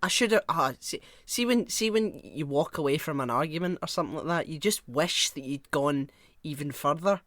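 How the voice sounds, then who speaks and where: British man, young, podcast co-host, fairly high voice, dry close sound, animated, sweary storytelling. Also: moderate pace, few pauses, no echo. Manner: animated storyteller, acts out quarrels, swears freely. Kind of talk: casual chat, anecdote telling.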